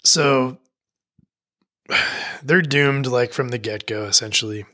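Bright-voiced man rambling and swearing. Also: medium pitch, slow, pauses often. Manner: rambling, heavy swearing, fillers. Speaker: podcast host. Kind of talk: emotional spoken intro monologue.

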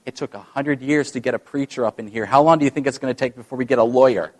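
A man's voice: mid-range voice, fast talker, noisy background, close to an everyday voice. A man telling a joke as Saint Peter, wry gatekeeper. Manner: told as a punchline in a joke.

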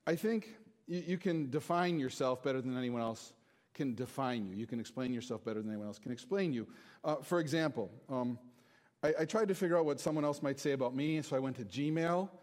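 A man's voice: medium pitch, fairly quick, a little mellow. A man giving a casual, joking sermon to a congregation in a church, chatty and self-deprecating. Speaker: pastor. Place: church hall before a congregation.

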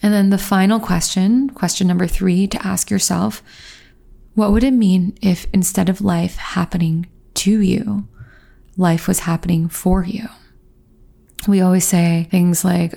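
A woman in her thirties speaks to her viewers openly and with strong feeling, sounding close to tears. Her voice has a gravelly fry at the ends of her phrases and a mellow, darker tone. She talks in a reflective, personal way. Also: lowish voice, steady tone, measured pace. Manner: earnest, emotional and open. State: teary. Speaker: vlogger. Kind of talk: personal reflective talk to camera.

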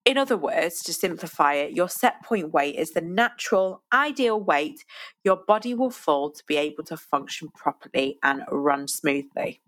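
A woman's voice: low-pitched, expressive, normal speed, a bit bright. A young woman hosting a podcast as a recovery coach, talking casually with fillers, her voice nasal from a cold. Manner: chatty, self-deprecating, with fillers and restarts. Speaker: eating disorder recovery coach and podcast host.

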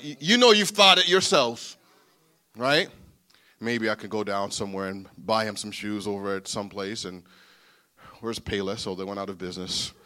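A man pastor preaching a sermon through personal stories, animated and building to loud, emphatic points. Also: medium pitch.

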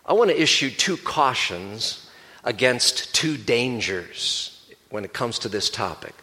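A male pastor giving a sermon, explaining a Bible passage in a measured, teaching manner. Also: mid-range voice, bright, forceful tone.

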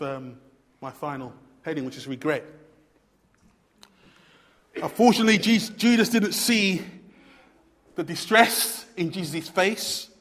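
A high-pitched man preaching in a church hall with a long, ringing reverb. He swings between quiet, low passages and loud, pleading ones, and repeats words as he builds his point. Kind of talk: sermon.

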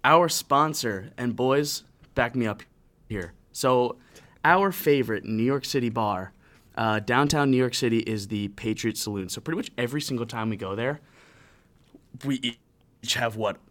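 A man's voice: mid-range voice, moderate pace. A young man co-hosting a podcast, telling stories among friends with lots of laughter. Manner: laughing, animated storytelling. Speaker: podcast co-host. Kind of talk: casual storytelling banter.

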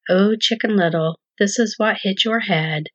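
A woman voicing a gentle mother hen who speaks in a soothing, reassuring way. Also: mid-range voice, unhurried, no room sound, close to an everyday voice. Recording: dull lo-fi dry recording.

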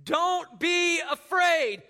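A preacher voicing a forceful, reassuring Jesus. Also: male voice, very high-pitched, voice pushed up, exaggerated voice. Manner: emphatic, forceful, drawn-out commands. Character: calm, commanding male savior reassuring a father.

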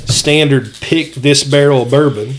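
A man's voice: mid-range voice, measured pace, slight background noise. A man co-hosting a casual podcast chat, explaining things step by step with frequent restarts. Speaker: podcast co-host.

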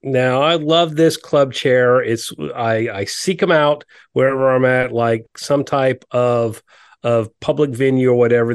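A man on a podcast, taking his time and filling gaps with "uh" and "you know". His voice is smooth and resonant. The sound is close and dry. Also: medium pitch, no echo. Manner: slow, searching, many fillers. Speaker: podcast co-host. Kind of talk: casual chat.

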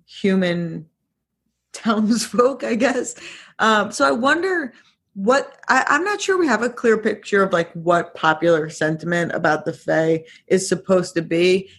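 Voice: mid-range voice, fairly bright tone, slightly rough. A podcast co-host musing casually about a TV series, hesitant with many ums.

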